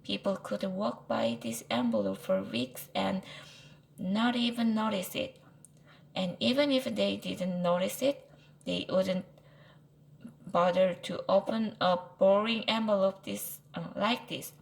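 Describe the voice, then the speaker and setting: A nervous boy aardvark from a storybook, talking himself in circles with anxious excuses, as a woman reads him aloud. The voice moves slowly with a gravelly edge. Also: medium pitch, expressive, low-quality recording. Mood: defensive. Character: worried young boy aardvark, fretful and evasive.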